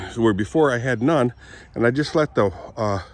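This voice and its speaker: A man of middle pitch with a lingering cold, rambling outdoors about his farm in a casual walk-and-talk vlog. He keeps clearing his throat and coughing between loose, chatty asides, recorded on a handheld camera out in the open air. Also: moderate pace, darkish tone. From Southwest Michigan. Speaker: vlogger.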